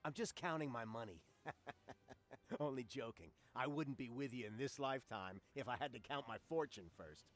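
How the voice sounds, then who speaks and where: A man's voice: medium pitch, moderate pace, fairly bright tone, close to an everyday voice. An actor playing a smug, greedy male capitalist tycoon in a video game. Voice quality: smug, boastful. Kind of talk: video game character dialogue.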